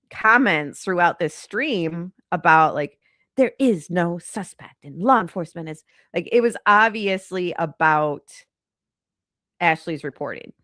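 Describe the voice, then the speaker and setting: A woman's voice: lowish voice, fairly bright tone, dry recording, studio quality. A congested woman hosting a true crime channel, talking in a chatty, rambling, exasperated way. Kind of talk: casual commentary on a live stream.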